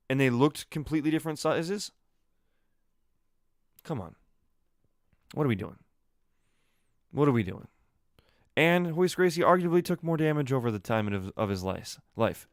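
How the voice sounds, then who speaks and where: A man hosting his own solo podcast, giving opinionated commentary in an emphatic, animated way full of rhetorical questions. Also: fairly high pitch, moderate pace, pauses often, smooth, dry recording, clean studio sound. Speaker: podcast host.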